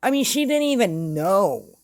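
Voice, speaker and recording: A woman's voice: mid-range voice, sing-song, a little slow, a little mellow, dry recording. A woman hosting casual true-crime commentary, blunt and sarcastic. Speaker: commentary host.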